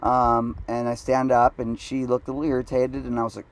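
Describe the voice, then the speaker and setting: A man's voice: medium pitch, completely flat delivery, brisk. Brief: male comic, satirical storytelling, rambling and self-deprecating, mid-range voice. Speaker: comedian.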